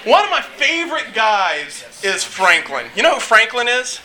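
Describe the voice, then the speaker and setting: A man preaching a casual, joking sermon, acting out quotes with lively energy. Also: very high-pitched, measured pace, slight background noise, low-quality recording. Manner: animated, joking, acts out quotes.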